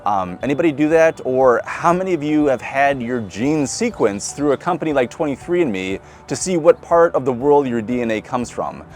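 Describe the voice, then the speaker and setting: Midwestern pastor with a lively, rising voice. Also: male voice, mid-range voice, normal speed, hardly any pauses, soft background music. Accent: Midwestern American. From Nebraska. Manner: conversational, asks the congregation questions, laughs lightly. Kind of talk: sermon.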